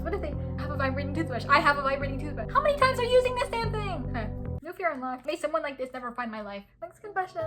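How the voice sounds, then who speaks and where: A young woman chats through confessions in a high, bright-toned voice, laughing often and reacting with big dramatic swings. Loud music plays behind her the whole time. It is a casual vlog delivery. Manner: animated, giggly, dramatic reactions. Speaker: vlogger reading confessions. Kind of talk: casual chat.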